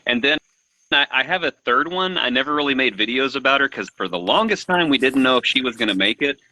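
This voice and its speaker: A man's voice: mid-range voice, fast talker, no room sound, low-quality recording. A man from Texas with a light Texan accent, a guest on a casual live-stream chat, telling stories with dry humor. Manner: relaxed storyteller, dry humor.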